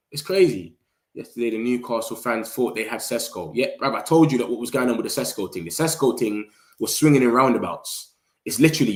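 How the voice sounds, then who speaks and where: In an echoey room, a young man with a mid-range voice hosts a casual live transfer-news chat, bantering animatedly in heavy slang and laughing often.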